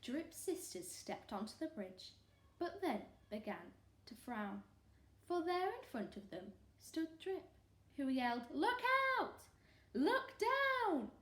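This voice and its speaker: A woman teacher reads a picture book aloud to young children, animated and expressive. Her voice sits high and swings widely. She takes it slowly, and a roomy echo hangs on her words. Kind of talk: storybook read-aloud for children.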